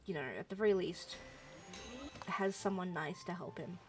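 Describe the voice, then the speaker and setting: A woman streamer chatting casually while playing a game, musing out loud with frequent ums. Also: on the low side, normal speed, faint music behind. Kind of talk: casual let's-play commentary.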